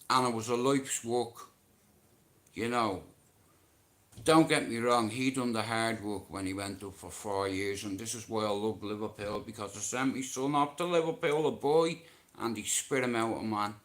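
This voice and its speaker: A man's voice: mid-range voice, a bit bright. A middle-aged Irish man talking on his live stream in a blunt, rambling way, swearing freely.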